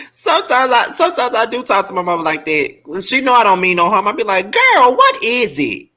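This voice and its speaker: Houston-accented man host, lively storyteller, bright lively delivery. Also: quick pace, few pauses. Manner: animated storyteller, swings high when quoting people. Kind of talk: casual chat.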